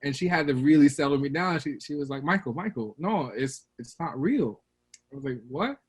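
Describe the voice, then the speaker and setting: A man's voice: a little high, moderate pace, breathy edge. A man in his thirties from Brooklyn, a guest telling childhood stories in a casual interview and acting out the quotes. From Brooklyn, New York. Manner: animated storyteller, acts out quotes with a raised voice.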